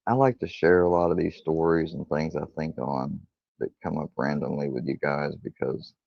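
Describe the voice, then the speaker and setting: A streamer with a deep, gravelly voice rambles through casual stories at normal speed, swearing freely and quoting dialogue in different voices. The lo-fi stream audio is dull, with no echo.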